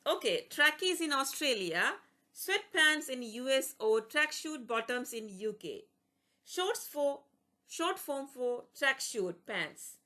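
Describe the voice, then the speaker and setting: A woman's voice: high voice, very animated, takes it slowly, pushed and bright. A woman reading an English vocabulary lesson, going through word lists, each with a plain explanation and an example sentence. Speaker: English teacher.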